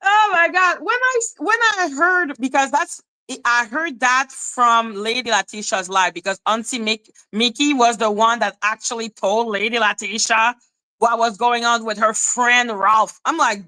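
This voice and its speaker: A woman's voice: fairly high pitch, normal speed, pushed and bright, no room sound, poor audio. A woman live-streaming a heated, profane rant, scornful and mocking. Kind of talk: heated ranting commentary.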